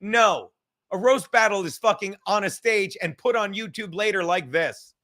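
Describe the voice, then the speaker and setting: The speaker is a man hosting a podcast, his voice high-pitched, pushed and bright. Heated and foul-mouthed, he rambles rapidly through a casual rant, often breaking off to restart.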